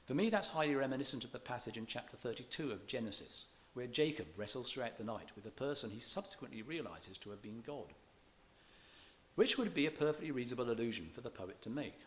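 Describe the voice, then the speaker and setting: A man giving a public lecture on poetry, measured and scholarly, slowing down to read verse aloud with stressed beats and sometimes restarting his words. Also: mid-range voice, expressive. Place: church hall.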